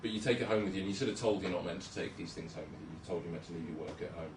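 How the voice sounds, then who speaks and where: Give me a low-voiced young man, chatty and hesitant, in an echoey hall. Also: level tone, rapid-fire, noisy background. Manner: chatty, self-deprecating, hesitant with many ums. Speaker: junior doctor giving a talk. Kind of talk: casual presentation with slides. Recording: roomy hall, speaker far from mic.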